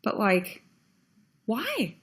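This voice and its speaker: A woman's voice: mid-range voice, wildly swooping pitch, very slow, breathy edge. A young woman ranting on her own video channel, blunt and heated, swearing freely as she vents. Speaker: vlogger.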